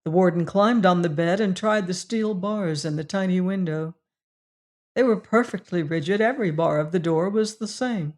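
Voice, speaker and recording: A woman reading a classic mystery story aloud as an audiobook narrator, in a measured style. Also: on the low side, darkish tone. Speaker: audiobook reader.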